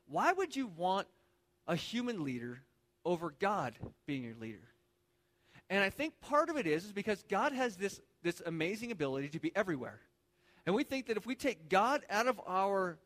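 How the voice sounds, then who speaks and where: High-voiced pastor in a reverberant hall. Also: male voice, a bit bright. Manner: informal, repeats words while thinking aloud. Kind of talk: casual conversational sermon. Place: church sanctuary. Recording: long reverb of a large hall.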